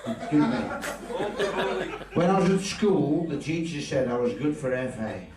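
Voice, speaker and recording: An older man doing live stand-up comedy, telling stories briskly with cheeky punchlines. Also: medium pitch, lively intonation, a loud crowd, very noisy. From Cannock, English Midlands. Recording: echoey live room from far off, loud background.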